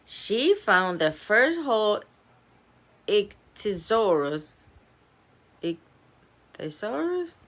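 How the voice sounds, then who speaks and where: A woman reading a children's chapter book aloud at home, animated and giggly, stopping to chat about the story. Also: medium pitch, measured pace. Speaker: storybook reader.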